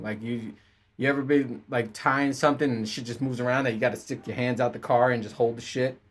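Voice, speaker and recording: Young male host for a mid-pitched, rambling rant. Animated, profane, laughs at his own jokes. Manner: animated, profane, self-mocking storytelling with laughs. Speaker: podcast host. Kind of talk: casual ranting monologue.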